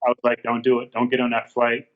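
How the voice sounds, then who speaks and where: A man's voice: mid-range voice, monotone, fast talker, phone-quality sound. A man telling a personal story in a candid interview, earnest and repeating his phrases as he quotes past conversations. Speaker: guest.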